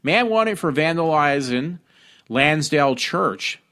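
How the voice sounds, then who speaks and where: A man's voice: a little high, animated, slow pace, fairly bright tone, clear, resonant tone. Rambling man reading news aloud. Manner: reads articles aloud with frequent ums and restarts. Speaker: podcast host. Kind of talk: casual news-reading talk show.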